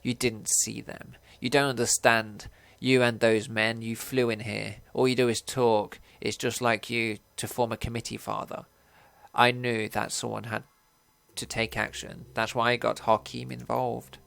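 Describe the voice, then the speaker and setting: A man's voice: medium pitch, level tone, a little slow, vocal fry, fairly bright tone, no echo. A man voicing a haunted, frightened young elf woman who speaks tensely in a video game. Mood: bitter.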